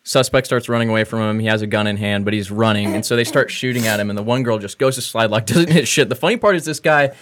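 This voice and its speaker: A man's voice: on the low side, quick pace, hardly any pauses. Wry, profane man in podcast banter.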